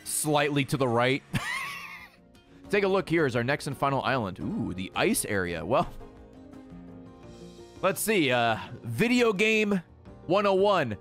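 An American man giving casual, excitable gameplay commentary, joking and talking to the creatures on screen. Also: fairly high pitch. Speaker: gaming video creator.

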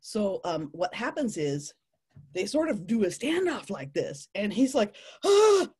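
A woman telling a playful nature story to families, animated and laughing often. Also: mid-range voice, unhurried, breathy edge.

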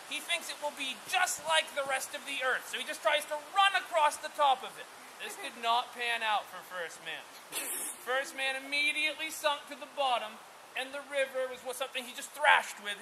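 A man who is a camp instructor, telling a traditional story outdoors in a lively, conversational way. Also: very high-pitched, background noise. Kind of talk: oral storytelling.

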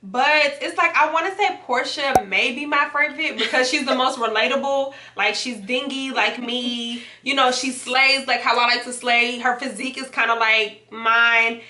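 Woman host, high bright voice, chatty and slangy, casual at-home recap, echoey room. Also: fairly even intonation, normal speed, few pauses, slight background noise. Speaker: YouTube reaction host. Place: home setup with hookah and wine.

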